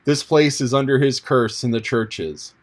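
A frail, dying peasant woman pleads in old-fashioned words, as a man reading the audiobook puts her on. The voice sits at an ordinary middle pitch, with a faint lift when she begs. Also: normal speed, natural voice. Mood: pleading. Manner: pleading, archaic speech.

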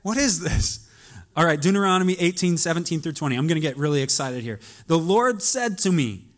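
Animated preaching pastor, a man with a higher voice. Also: brisk. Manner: animated preaching, builds from quiet musing to loud urging. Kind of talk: sermon.

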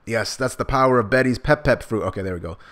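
A man's voice: mid-range voice, quick pace, fairly bright tone. A man doing a live manga reaction, hyped and slangy, reading the dialogue in raised voices.

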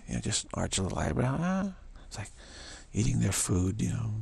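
A man's voice: on the low side, big pitch swings, a little fast, gravelly, a little mellow, breathy edge, no echo. A man giving a spiritual monologue, repeating affirmations over and over and dropping to whispers. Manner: repetitive affirmations, drops to whispers. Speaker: spiritual teacher.

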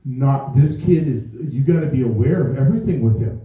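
A man's voice: mid-range voice, fairly quick, dull audio. A man doing a stand-up comedy set, rambling through his stories in a self-mocking way in front of a live audience. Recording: echoey club from far off.

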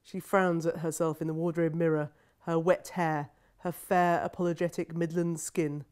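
A woman reads aloud from her own novel in a measured, wry manner. Her voice sits somewhat low for a woman. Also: little pitch movement, darkish tone, clean tone. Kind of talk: literary reading aloud.

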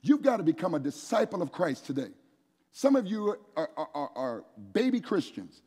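A man preaching an energetic sermon at a men's conference, calling on the crowd to answer back and raise their hands. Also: fairly high pitch, normal speed, breathy edge. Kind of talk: energetic sermon with call-and-response. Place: large church hall with an audience. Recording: echoey hall, long reverb.

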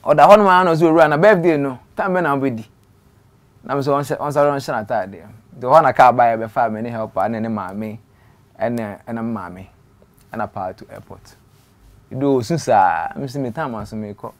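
A man with a Ghanaian accent recounts a long personal story as an interview guest. His voice sits at an ordinary pitch, and his sentences often sink to a murmur at the end. He drops English words into his speech. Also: normal speed. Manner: mixes in English words, drops to quiet trailing phrases.

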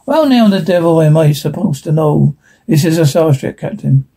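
A man's voice: on the high side, lively intonation, moderate pace, vocal fry, dark tone, breathy edge, heavily acted. Mudd, a man reading as a roguish space trader. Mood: wheedling. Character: roguish smooth-talking male space trader.

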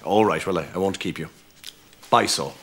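An actor playing a flustered middle-aged Irish priest who hosts a contest, awkward and chuckling nervously. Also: male voice, low voice, moderate pace, a bit bright. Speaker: contest host. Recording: noisy TV sitcom audio.

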